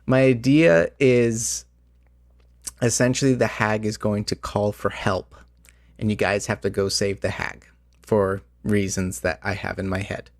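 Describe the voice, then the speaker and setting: A man's voice: on the low side, fairly even intonation, a little slow, dry recording. Podcast host, male, chatty game master, rambling delivery, a bit worn out, dry close sound. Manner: rambling, many fillers and restarts. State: voice slightly going out. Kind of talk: casual chat about tabletop games.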